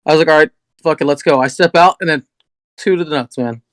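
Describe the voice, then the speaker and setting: A man on a podcast panel races through a profane story in casual chat. His voice sits a touch high and sounds close and dry, with no room around it. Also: quick pace, fairly bright tone, no echo.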